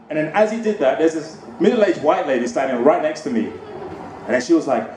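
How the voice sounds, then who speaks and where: Casting: male comic, higher voice with big swings, roomy club sound, noisy background. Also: fairly quick. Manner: animated, conversational storytelling. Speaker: stand-up comedian. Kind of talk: stand-up comedy set. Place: comedy club stage. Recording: echoey club with background noise.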